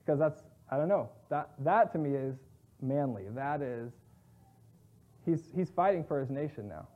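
A man with a somewhat high voice teaches from scripture in a relaxed, chatty way, reading verses and then retelling them in plain slang. The sound is thin and narrow, as if heard over a phone line. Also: normal speed. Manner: conversational, paraphrases scripture in everyday slang. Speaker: Bible teacher. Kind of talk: casual Bible teaching.

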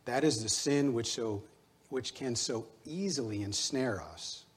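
A man's voice: medium pitch, unhurried. A middle-aged man preaching a sermon as pastor, earnest and exhorting, weaving in personal stories.

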